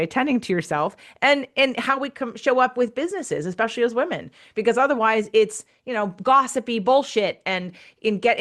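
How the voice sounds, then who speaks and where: Frank and outspoken, a woman hosting a laid-back podcast conversation speaks in a mid-range voice with a fairly bright tone. She drops casual swears and voices the people she's quoting.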